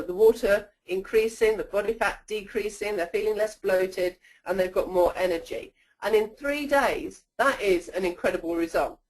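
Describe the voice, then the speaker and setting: A woman's voice: mid-range voice, rough recording. A woman presenting a sales-training webinar in a coaching tone, often checking in with "okay?".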